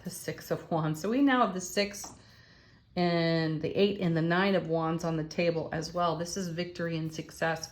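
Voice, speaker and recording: A woman giving a spiritual tarot reading, enthusiastic and affirming as she exclaims over the cards. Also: fairly low pitch. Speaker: tarot reader.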